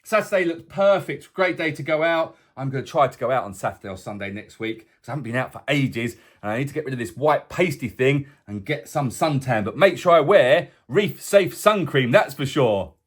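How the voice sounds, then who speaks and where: A man's voice: mid-range voice, lively intonation, a little fast, hardly any pauses. A man presenting a casual weekly weather forecast vlog for a boat tour company, chatty and full of jokey asides. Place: indoors, away from the tour base.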